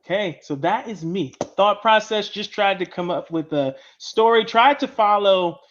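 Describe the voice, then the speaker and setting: High-voiced and fairly bright in tone, a man talks at a moderate pace in a recording with its highs cut off and a bit of hiss or hum. He's a comic writer hosting a laid-back panel about making comics, explaining things step by step in a chatty way and repeatedly adding "right?"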